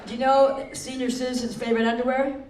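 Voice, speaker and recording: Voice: high voice, little pitch movement, fast, darkish tone. An older performer telling jokes at a talent show, self-deprecating and openly nervous, laughing at their own punchlines. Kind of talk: stand-up joke telling. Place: senior center hall. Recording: echoey hall, mic far off.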